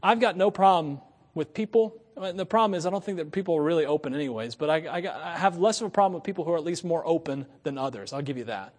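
A male pastor preaching a sermon, swinging between quiet asides and loud, emphatic passages. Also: on the high side, animated, fast talker, long reverb tail.

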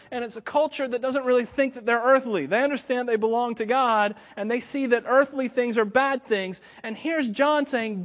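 High-voiced man preaching in a reverberant space. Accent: Southern US. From Florida, US. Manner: conversational, chuckles often, asides to the audience. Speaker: pastor. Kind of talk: sermon.

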